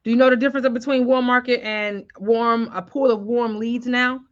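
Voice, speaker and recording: A woman's voice: fairly high pitch, steady tone, normal speed, lo-fi sound. A woman sales coach talking on a live stream, often stopping to ask viewers whether it makes sense. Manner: keeps checking in with viewers.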